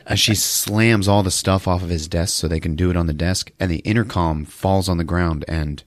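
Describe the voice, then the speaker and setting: A podcast host with a low, steady voice casually recaps a movie at a normal speed, acting out lines in put-on voices and laughing often. The recording is dry and studio quality.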